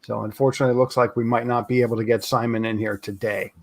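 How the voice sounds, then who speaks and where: A man hosting a casual livestream chat over a video call, relaxed and jokey, reading questions from the chat. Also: mid-range voice, fast talker, gravelly. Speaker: host.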